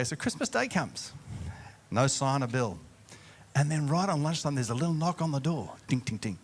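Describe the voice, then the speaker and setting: Lively pastor telling a story. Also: male voice, medium pitch, a little fast. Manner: animated, humorous storyteller. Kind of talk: sermon storytelling.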